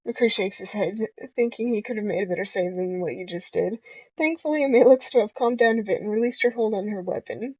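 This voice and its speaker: A woman's voice: medium pitch, fairly quick, mellow, no room sound. A young woman playing a dating game aloud, reading the narration and joking playfully with frequent laughs. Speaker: gamer. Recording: dull lo-fi home recording.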